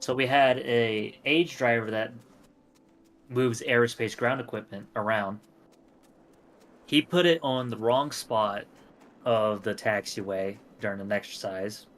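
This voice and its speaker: A mid-pitched man talks through his points slowly and patiently, leaning on analogies during casual gaming-stream chat. A faint layer of background noise sits under his voice. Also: fairly bright tone. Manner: measured, explains with analogies.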